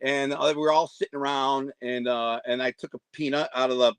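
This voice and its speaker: A man's voice: medium pitch, fairly even intonation, brisk, clear, resonant tone, no echo. A man around fifty, a guest telling long rambling stories and acting out the voices of the people in them. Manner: rambling, acts out quoted voices. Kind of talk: casual storytelling interview.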